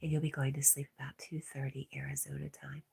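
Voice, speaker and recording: A woman hosting a livestream, reading out viewer comments in a casual, soft, often half-whispered way, with a stuffy nose. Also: a bass voice, level tone, fast talker, creaky, slightly rough. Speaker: livestream host.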